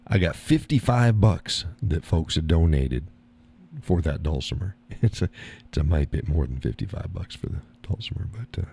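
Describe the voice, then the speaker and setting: A man's voice: low voice, animated, moderate pace, gravelly, warm tone, breathy edge. A man hosting a live stream, chatting casually and reading the chat, folksy and easygoing, often repeating his own phrases.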